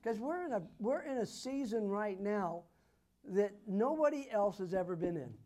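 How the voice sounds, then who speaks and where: Ministering as a prophet, this man prays over people and declares prophetic words with mounting fervor until he is loud and emphatic. He has a high, animated voice at a moderate pace.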